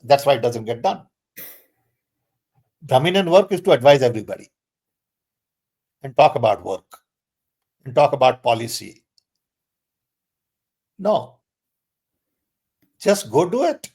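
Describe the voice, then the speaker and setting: An older man, speaking as a guest in a conversational Q&A. He talks emphatically and insistently, stressing points with sudden jumps in pitch. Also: very animated, measured pace, pauses often, darkish tone, slightly rough.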